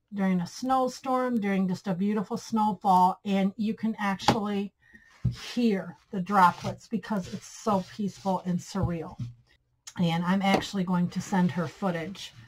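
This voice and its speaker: In a low-quality recording with a little hiss or hum, a Michigan craft channel host speaks in a medium-pitched, darkish voice. She gushes over her DIY projects and chats warmly, continually calling her viewers guys and friends.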